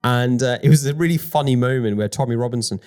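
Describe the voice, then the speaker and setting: A man co-hosting a podcast, arguing his points in an animated way with rhetorical questions. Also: medium pitch, fast, smooth. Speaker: podcast co-host. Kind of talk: conversational podcast discussion.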